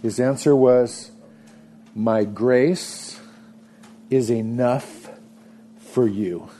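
Guy preaching a sermon, warm mellow voice, earnest, goes quiet for emphasis. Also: medium pitch, fairly even intonation, drawn-out words, a little hiss or hum. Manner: earnest preaching, drops to soft murmur for emphasis. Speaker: pastor.

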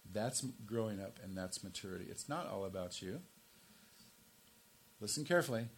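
A man in his sixties preaching a sermon as pastor, swinging from emphatic, raised stresses down to low, quiet asides. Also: lively intonation, normal speed, a little hiss or hum. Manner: emphatic, rises to forceful stresses then drops low and quiet.

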